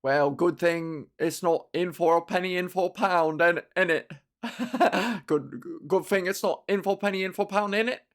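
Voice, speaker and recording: A woman's voice: lowish voice, normal speed, natural voice. A woman voicing a smug male Victorian Londoner in a teasing mock Cockney voice for a comedy bit.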